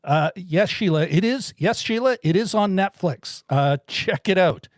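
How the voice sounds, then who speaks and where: A man with a somewhat high voice talks through a film synopsis in a relaxed, rambling way, laughing often and restarting his sentences. The sound is dry and close, with no room around it. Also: measured pace, no echo. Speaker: podcast co-host reviewing a film. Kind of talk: casual chat.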